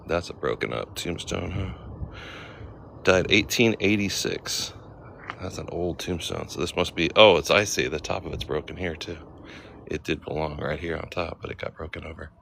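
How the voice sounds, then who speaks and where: Man, low bright voice, casual chatty vlogger greeting viewers on a phone stream. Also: normal speed, vocal fry, a little hiss or hum. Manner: chatty, reads names aloud, greets viewers. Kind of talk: casual livestream walk-and-talk. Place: outdoor cemetery.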